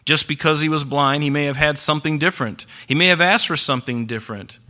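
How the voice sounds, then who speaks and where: Bright-voiced male pastor preaching. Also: on the high side, fast talker, hardly any pauses. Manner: preaching, rhetorical questions, voice rising and falling. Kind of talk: sermon.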